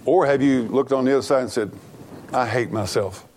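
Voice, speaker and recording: A man's voice: mid-range voice, brisk, darkish tone, a little hiss or hum. A middle-aged man preaching a sermon as pastor, earnest and plainspoken, often restarting his sentences.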